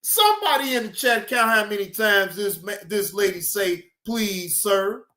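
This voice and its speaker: A woman hosting a reaction video, giving loud, profane, mocking comedic commentary and laughing often. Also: mid-range voice, expressive, moderate pace, reverberant.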